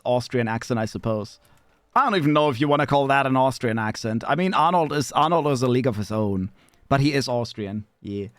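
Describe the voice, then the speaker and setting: A man chatting casually on a live stream, rambling and swearing, with sudden squeaky high bits. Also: dry recording.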